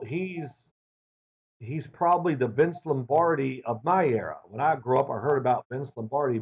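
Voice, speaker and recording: A man's voice: mid-range voice, dull audio. A man in his sixties, a former quarterback, telling stories in an interview and acting out his old coach's lines. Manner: animated anecdotes, acts out quoted coach in raised voice. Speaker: former football quarterback, guest. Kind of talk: storytelling interview answers. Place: remote video call.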